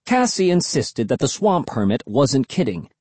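A man reads a first-person story aloud with lively, expressive inflection. His voice is mid-pitched and slightly husky, recorded close and dry with no room sound. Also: moderate pace, no room sound. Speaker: audiobook narrator. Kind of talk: first-person audiobook narration.

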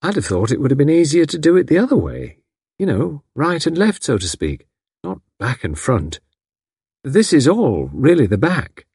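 A man's voice: medium pitch, very animated, moderate pace, darkish tone, husky, no echo, studio quality, pitched above the performer's own voice, heavily acted. A man reading aloud, voicing a friendly, rambling housewife who lives in a lonely country house. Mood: chatty. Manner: rambling, homely talk. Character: friendly, chatty country housewife, a little odd.

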